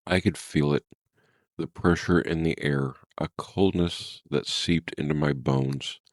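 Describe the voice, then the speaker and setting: Very deep-voiced man narrating horror slowly. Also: steady tone, no echo, studio quality. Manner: grave, tense, dramatic. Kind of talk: first-person scripted horror narration.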